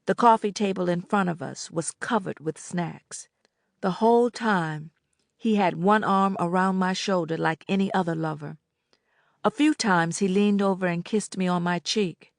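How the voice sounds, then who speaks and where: A woman narrating an audiobook in the first person, in a measured, subdued way. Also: fairly low pitch, gravelly, no echo, studio quality.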